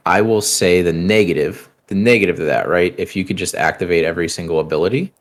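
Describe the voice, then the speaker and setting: A man's voice: low voice, fast. A man co-hosting a gaming podcast, reading listener questions aloud and chatting loosely. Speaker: podcast co-host. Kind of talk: casual chat.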